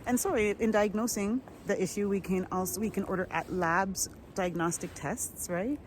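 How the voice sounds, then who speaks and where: A woman's voice: mid-range voice, moderate pace, a little hiss or hum, poor audio. A woman, talking in a rambling, chatty vlog monologue outdoors. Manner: warm, chatty, rambling with restarts. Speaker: vlogger.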